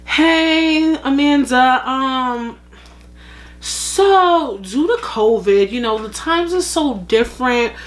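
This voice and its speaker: A woman's voice: high-pitched, expressive, takes it slowly, slight background noise, voice pushed up. A woman putting on the voice of a sugary, fake-polite TV show boss who talks in hesitant corporate phrases. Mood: falsely sweet.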